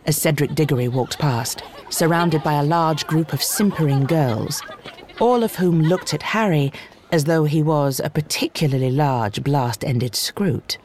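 A narrator reading a fantasy novel aloud in a steady, expressive storytelling manner. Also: mid-range voice, unhurried, a little hiss or hum. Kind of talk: audiobook reading.

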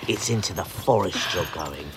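A man's voice: low-pitched, animated, moderate pace, heavy background noise, pitched below the performer's own voice. A man reading a book aloud and voicing a spiteful old male school caretaker who sneers and gloats. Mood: gloating.

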